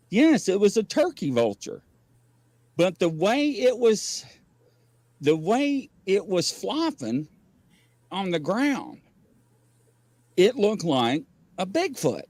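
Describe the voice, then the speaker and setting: A man hosting a loose, chatty livestream. His voice swings widely in pitch and sits a bit higher than most men's as he spins rambling, laugh-filled stories. The sound is dry and close. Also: slow, long pauses, dry recording. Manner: animated, rambling storyteller who laughs often. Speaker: host of a paranormal variety show. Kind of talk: casual livestream chat.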